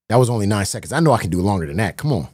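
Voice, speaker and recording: A man streaming live, chatting casually to his viewers, excitable and swearing often, repeating himself. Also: lowish voice, slightly rough, no echo.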